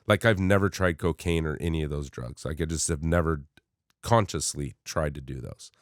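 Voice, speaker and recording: A middle-aged man co-hosting a podcast. He tells a story in casual, animated chat and acts out the other people in it. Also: extremely low pitch, normal speed, no echo, studio quality. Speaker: podcast co-host.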